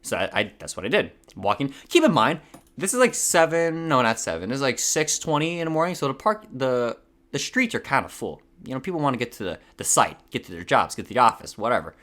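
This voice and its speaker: A man's voice: mid-range voice, big pitch swings, a little fast, a bit bright. A young man from Hawaii telling a rambling story on his podcast. He swears a lot, laughs at himself and his voice cracks now and then. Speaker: podcast host. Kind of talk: casual storytelling.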